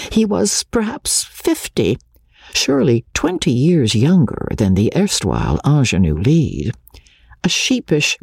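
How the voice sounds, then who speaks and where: A woman reads a novel aloud with a low, husky voice. Her pitch moves in a lively way through the expressive narration, and the recording is dry and close. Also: no room sound. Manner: expressive, measured literary reading. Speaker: audiobook narrator. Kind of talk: scripted narration.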